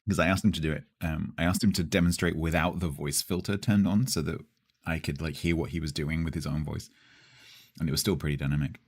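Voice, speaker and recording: A man's voice: very deep voice, fairly even intonation, fast talker, slightly rough. A man with a Southeast English accent, chatting casually with his viewers as a game streamer, rambling with hesitations. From Southeast England.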